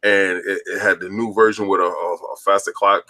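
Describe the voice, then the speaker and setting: A man's voice: low voice, fairly even intonation, brisk, pushed and bright. A man co-hosting a gaming podcast, rambling in a loose chat with lots of fillers and restarts. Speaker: podcast co-host.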